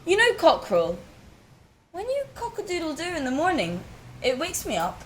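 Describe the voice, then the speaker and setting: A woman voicing an eager, earnest little male bird who gushes his gratitude in high, shouted lines. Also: huge pitch swings, normal speed, a little hiss or hum. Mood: heartfelt.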